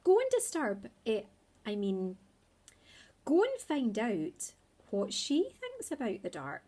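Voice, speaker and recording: A woman voicing a tired mother barn owl who speaks gently but firmly. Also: on the high side, huge pitch swings, slow pace, voice pushed up, heavily acted. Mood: motherly.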